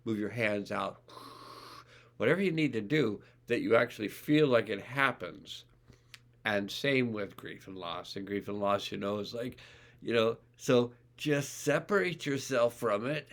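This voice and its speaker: A man's voice: on the low side, a little slow, gravelly, fairly bright tone. A man, a life coach, talking casually to camera about emotions, rambling with restarts and acting out inner voices. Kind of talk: casual self-help video talk.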